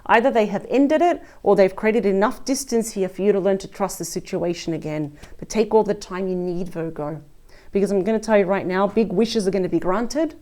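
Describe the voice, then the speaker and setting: A woman talks through a tarot reading in a casual, chatty way, breaking in with little exclamations and speaking straight to the listener. Her voice is mellow and warm, sitting at an ordinary middle pitch. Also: a little fast. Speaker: tarot reader.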